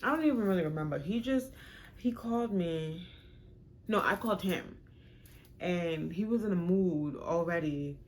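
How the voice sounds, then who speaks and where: A young woman telling a storytime on her vlog, frank, animated and profane. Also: on the low side, moderate pace. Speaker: vlogger.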